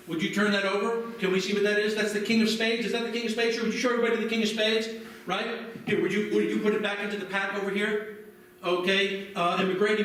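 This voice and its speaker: A man's voice: sits high, fairly bright tone, slight background noise. Echoey far-off male stage hypnotist. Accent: American. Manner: soothing commands, repeats phrases. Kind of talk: live stage hypnosis show. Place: library event room.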